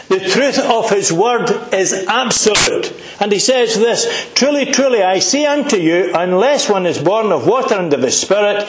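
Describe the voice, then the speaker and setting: A man's voice: sits high, roomy sound. A middle-aged Scottish man preaching a sermon, earnest and emphatic, asking the congregation questions.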